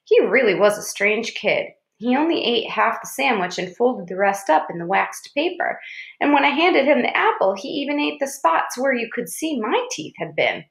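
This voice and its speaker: A woman narrating a children's novel in a measured storytelling voice. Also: a little high, very animated, creaky. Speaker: audiobook reader. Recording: roomy echo.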